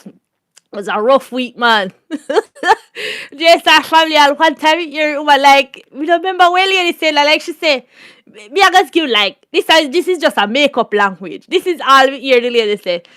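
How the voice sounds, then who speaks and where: A woman with a Jamaican accent hosting a casual storytime chat, animated and laughing often. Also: high-pitched, normal speed, no room sound, clean studio sound. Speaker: channel host.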